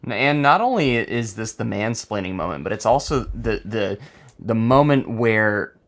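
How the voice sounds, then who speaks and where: A man's voice: on the low side, lively intonation, measured pace, a bit bright. A man co-hosting a podcast, joking animatedly about a film and laughing mid-sentence. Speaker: podcast co-host. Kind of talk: casual film discussion.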